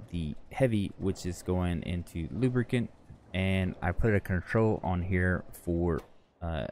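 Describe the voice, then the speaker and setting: Low gravelly tired man narrating gameplay. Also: a little mellow, slight background noise. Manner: rambling, self-correcting, chatty. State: tired, yawning. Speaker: gaming channel host. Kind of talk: casual gameplay commentary.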